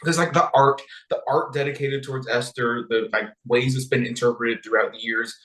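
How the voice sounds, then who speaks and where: A man's voice: mid-range voice, steady tone, normal speed, a bit bright, reverberant, rough recording. A man co-hosting a podcast, talking in a rambling, casual way full of fillers. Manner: rambling, heavy use of fillers like "you know" and "like". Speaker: podcast co-host. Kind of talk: casual discussion.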